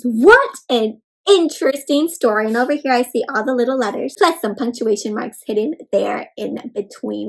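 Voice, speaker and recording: In a low-quality recording, a woman with a slightly high voice and some vocal fry hosts a children's read-aloud at a moderate pace. She teaches young kids in a bouncy, encouraging sing-song teacher style, using counted prompts and repeatedly calling her listeners "friends."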